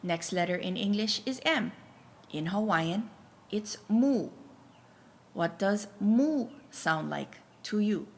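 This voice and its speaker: Taking her time, a woman with a medium-pitched, creaky voice and lively intonation leads a Hawaiian pronunciation lesson. She works through each letter patiently, instructing students to note it down, in a slow and careful language lesson.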